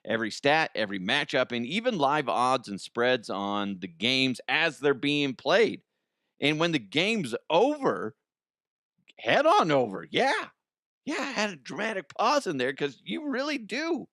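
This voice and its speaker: A man in his thirties hosts a comedic news podcast from home, talking in a casual, joking way and laughing often. His pitch swings widely as he talks, and the sound is close and dry with no room around it. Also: very animated, unhurried, sharp tone, dry recording. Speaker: podcast host. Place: home, morning recording.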